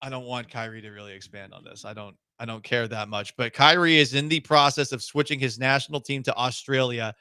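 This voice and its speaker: A man's voice: medium pitch, fairly even intonation, a little fast, few pauses, pushed and bright, clean tone, no room sound. A man hosting a sports talk radio show in a studio, speaking in a wry, sarcastic way.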